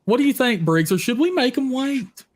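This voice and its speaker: A man hosting a live horror chat stream, loud and teasing, with shouted bursts. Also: very high-pitched, expressive, moderate pace. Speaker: host.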